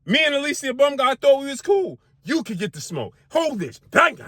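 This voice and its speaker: A man with a high, animated voice delivers a heated boxing commentary rant, piling up rhetorical questions in casual slang. His voice leaps up and down in pitch, and the recording is dry and close. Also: brisk, no echo. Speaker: sports commentary host.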